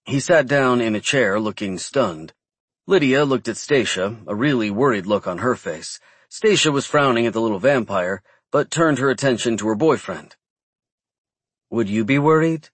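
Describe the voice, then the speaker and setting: Husky male audiobook narrator. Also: mid-range voice, lively intonation, moderate pace, no echo. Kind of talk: scripted narration.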